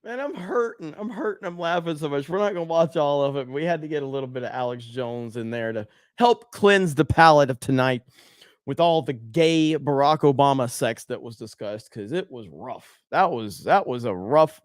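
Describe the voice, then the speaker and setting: A man's voice: mid-range voice, animated, moderate pace, dry recording, studio quality. A man hosting a live stream casually, reading viewer messages aloud, laughing often and filling with ums. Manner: laughs a lot, loose, filler-heavy.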